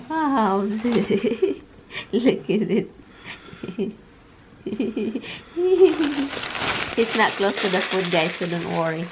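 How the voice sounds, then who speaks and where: A Filipino-accented woman vlogging casually at home, chatty and quick to laugh, with non-native grammar. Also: medium pitch, lively intonation, background noise. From Philippines. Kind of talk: casual home vlog chat.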